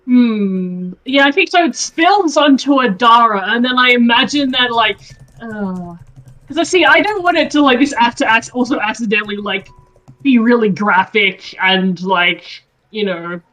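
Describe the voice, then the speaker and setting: Casual, halting tabletop player, bright tone. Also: medium pitch, low-quality recording. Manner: hesitant, lots of fillers. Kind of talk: casual game chat.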